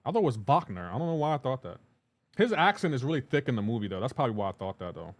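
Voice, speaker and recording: While playing a game on a live stream, a man with a medium-pitched voice races along in a sing-song manner. He greets his viewers by name and chats loosely as he reads their comments.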